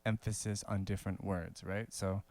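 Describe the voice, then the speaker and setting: A man giving a casual saxophone lesson, talking in a relaxed, conversational way with many fillers and small laughs. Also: low voice, normal speed, dry recording. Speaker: saxophone teacher.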